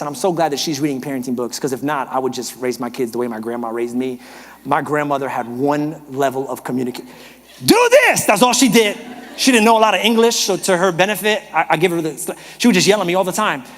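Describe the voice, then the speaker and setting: An animated male pastor preaches with a high, bright voice and tells humorous stories. He swings between loud bursts and near-whispers. A long hall reverb surrounds him. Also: fast. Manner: animated, humorous storytelling, shifts from shouting to whispering. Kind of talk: sermon. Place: church auditorium.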